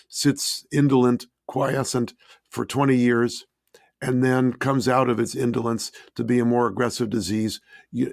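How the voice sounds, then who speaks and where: A man with a raspy voice, hoarse from a cold, giving measured explanations as an epidemiologist guest on an interview show. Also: medium pitch, no room sound, studio quality. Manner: methodical, lists points in order.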